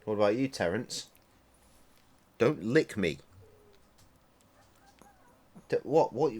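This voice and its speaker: A man's voice: on the low side, very animated, moderate pace. A man chatting and swearing casually while streaming a game and tending to his dogs. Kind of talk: casual live-stream commentary.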